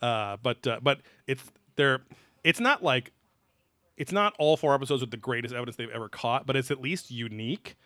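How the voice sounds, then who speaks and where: A man's voice: mid-range voice, normal speed, pushed and bright, dry recording. A man co-hosting a podcast, chatting casually over beers, rambling loosely and swearing offhandedly. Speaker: podcast co-host.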